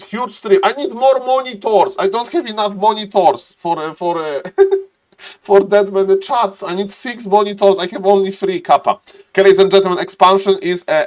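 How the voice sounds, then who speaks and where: A man casting a strategy game live on stream, excitable, laughing often and calling out to "ladies and gentlemen" between plays. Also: high voice. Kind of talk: live esports commentary and chat reading.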